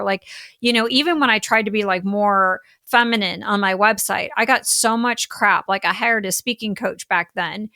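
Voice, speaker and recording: A middle-aged woman, a business coach talking as a podcast guest, animated and full of "like" fillers. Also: mid-range voice, clear, resonant tone, no room sound, studio quality. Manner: animated, heavy use of "like" fillers. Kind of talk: casual podcast interview chat.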